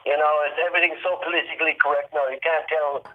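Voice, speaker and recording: A man with a Kerry Irish accent, talking in a slightly high register through a tinny phone line. He banters in a jokey, matey way as a caller to a casual chat. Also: steady tone, fast, a little hiss or hum. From Ireland.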